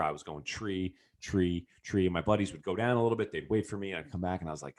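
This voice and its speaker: A man telling a story in a loose, casual way, with his pitch swinging up and down as he goes. He speaks like a coach drawing a lesson for entrepreneurs, animated and full of restarts. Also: fast, few pauses. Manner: animated, lots of fillers and restarts.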